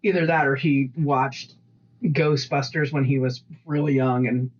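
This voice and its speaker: Woman co-host, husky voice, casual rambling chat, recorded lo-fi. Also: rumbling low, a little slow. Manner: rambling storyteller, lively quoted voices. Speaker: podcast co-host.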